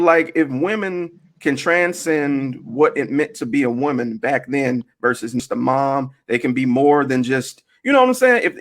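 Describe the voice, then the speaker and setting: A man hosting a casual online group discussion, talking emphatically, asking rhetorical questions and swearing. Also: medium pitch.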